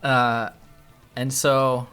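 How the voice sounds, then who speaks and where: A man's voice: medium pitch, level tone, extremely slow, a bit bright, smooth, faint music behind. A man streaming live, telling a story casually in a rambling, profane way that keeps restarting its sentences. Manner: rambling, profane, self-interrupting. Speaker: livestreamer.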